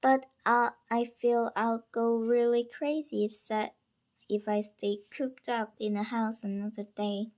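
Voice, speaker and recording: A woman's voice: fairly high pitch, flat delivery, a little slow, a little mellow, natural voice. A woman reading aloud, voicing a frightened, grieving young schoolgirl who pleads and sometimes whispers. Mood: pleading.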